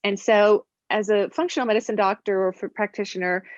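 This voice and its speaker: A woman, a functional medicine practitioner, explaining her work and telling stories in a lively way, acting out the voices of people she quotes. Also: mid-range voice, fairly quick, dry recording. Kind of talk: conversational explanation and storytelling. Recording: dry, dull lo-fi sound.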